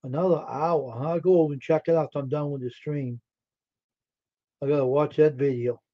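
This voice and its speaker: A man's voice: fairly high pitch, fairly even intonation, fairly quick. A man hosting a live stream, chatting casually and answering his viewers' messages aloud while sounding tired and yawning. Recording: dull lo-fi stream audio.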